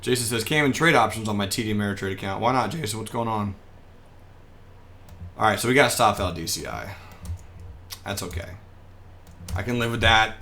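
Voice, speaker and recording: A man's voice: lowish voice, pushed and bright. A young man giving casual, joking live commentary on the market as he trades, reading viewer comments aloud and chatting back. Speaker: day trader streaming live.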